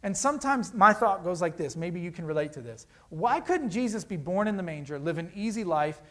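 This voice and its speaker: A man preaching a sermon as pastor, earnest and conversational, swinging between loud emphasis and hushed, quiet lows. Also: lively intonation, a little fast.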